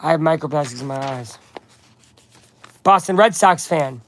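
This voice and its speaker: A man's voice: on the high side, moderate pace, a bit bright, a little hiss or hum. A man chatting casually on a live stream, reading a comic aloud and breaking off for asides to viewers.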